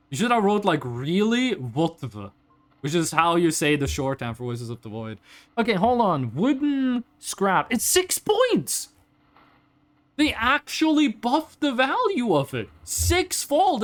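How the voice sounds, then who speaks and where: A high-pitched Norwegian man chats with viewers during a live game stream, animated, joking and rambling as he goes.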